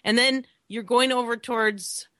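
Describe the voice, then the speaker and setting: A woman's voice: fairly high pitch, steady tone, normal speed, bright, forceful tone, dry recording, studio quality. A woman co-hosting a gaming podcast, playful and often laughing as she rambles through casual banter. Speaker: podcast co-host.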